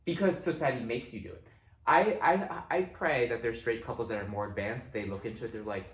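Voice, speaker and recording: A man co-hosting a casual chat, opinionated and profane, telling stories with lively swings into loud quoted voices. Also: mid-range voice, a little fast, reverberant, poor audio. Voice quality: animated, swings into loud mock voices when quoting. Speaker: podcast co-host.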